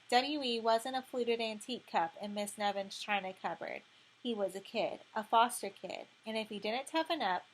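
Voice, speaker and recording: Female audiobook narrator, measured and expressive, slightly high voice. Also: poor audio.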